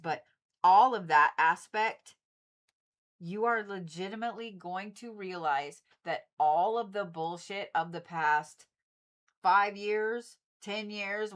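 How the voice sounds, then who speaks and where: A livestream host reading zodiac forecasts speaks in a lowish, fairly bright voice. She chats casually and repetitively with her viewers and swears freely.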